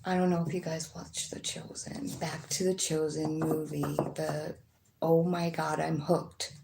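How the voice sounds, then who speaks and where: A woman with a low voice and vocal fry speaks a little slowly, with little pitch movement. She gives a casual, chatty tarot reading, rambling with lots of fillers and some swearing. The room is echoey, with faint noise.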